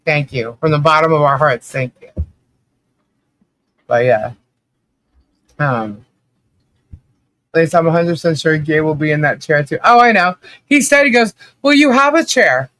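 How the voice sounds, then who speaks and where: High, bright-voiced rambling male host. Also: lively intonation, measured pace, pauses often. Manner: rambling, laughing storyteller with many fillers. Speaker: livestream host. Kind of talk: casual chat.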